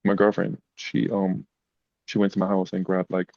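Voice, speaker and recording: Deep-voiced guy getting emotional telling stories, kinda monotone, dull lo-fi audio. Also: moderate pace, vocal fry, no room sound. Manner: emotional, animated retelling. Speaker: podcast guest. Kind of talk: casual storytelling.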